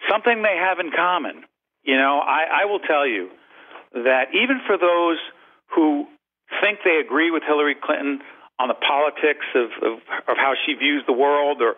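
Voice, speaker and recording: A man speaks as a guest on a radio interview, his fairly high voice squeezed through a narrow, tinny phone line. He talks emphatically and stacks up repeated phrases to drive each point home. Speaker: guest, leadership and communication author. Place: call-in to satellite radio show.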